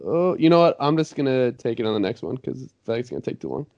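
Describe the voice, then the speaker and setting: A man co-hosting a casual podcast, easygoing and full of laughter, hedging his answers out loud. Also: mid-range voice, very animated, quick pace, gravelly, no echo, muffled recording. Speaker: podcast co-host. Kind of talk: casual drinking-game podcast chat.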